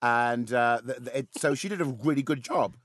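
A man's voice: medium pitch, moderate pace, dry recording, studio quality. A British man playing a comedy quiz, giggly and stammering. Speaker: quiz contestant.

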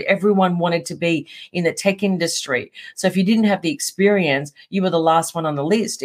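A middle-aged woman in a casual interview, telling a story with lively energy, often laughing and acting out what people said. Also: fairly low pitch. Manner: animated, laughs often, acts out quotes. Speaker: guest.

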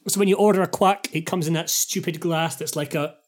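A man chatting casually on a video call, telling rambling stories and loudly mimicking fans. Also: a little high, steady tone, fairly quick. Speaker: guest musician. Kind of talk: casual chat.

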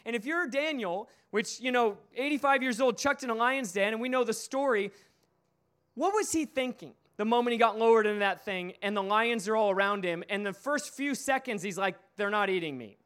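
A man's voice: very high voice, brisk, fairly bright tone, clean tone. A man preaching a sermon, retelling a story emphatically with repeated phrases.

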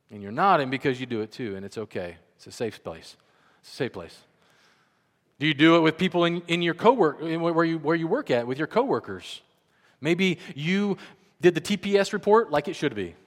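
A man preaching a sermon in a conversational, animated way, acting out the voices he quotes. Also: on the high side, fairly quick, in a large hall. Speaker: pastor.

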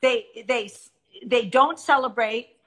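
A woman's voice: on the high side, takes it slowly, sharp tone, slight background noise, low-quality recording. A middle-aged woman hosting a Christian talk show, speaking with eager encouragement and acting out stories. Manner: enthusiastic, encouraging, reenacts stories. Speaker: host.

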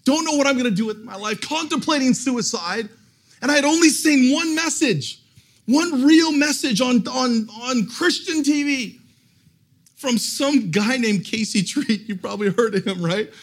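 Husky high-voiced male preacher. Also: moderate pace. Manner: animated, self-mocking, restarts when excited. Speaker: guest pastor. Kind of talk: humorous sermon storytelling. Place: church service.

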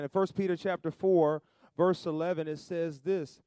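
A man preaching a sermon in a call-and-response style, moving between soft asides and loud, stretched-out emphasis. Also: a little high, fairly even intonation, moderate pace, smooth, no room sound, studio quality.

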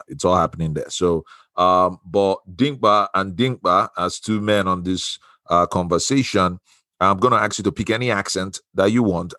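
Lowish-voiced guy hosting a podcast, teasing his guest, dry sound. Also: no echo. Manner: jokey, teasing, animated. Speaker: podcast host. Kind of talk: casual interview talk.

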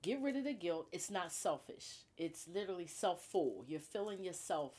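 A woman's voice: lowish voice, animated, moderate pace, darkish tone, husky. A woman guest chatting in an interview, often quoting herself and checking in with the listener. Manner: chatty, quotes herself, "you know what I mean". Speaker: guest, beauty bar co-owner. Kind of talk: casual interview talk.

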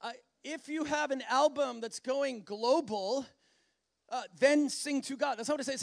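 A man preaching a sermon in an animated way, often acting out voices and laughing. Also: very high-pitched, normal speed, vocal fry, no echo, studio quality.

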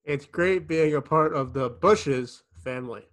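A man's voice: fairly high pitch, measured pace, fairly bright tone. A man voicing a talking dog mascot in a mock-earnest ad read. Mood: mock sincere.

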